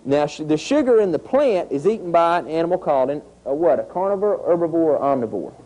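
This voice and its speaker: A man, teaching a group of children outdoors, telling a lively story with sound effects. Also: fairly high pitch, quick pace, rough recording. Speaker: environmental educator. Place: outdoors at a nature center.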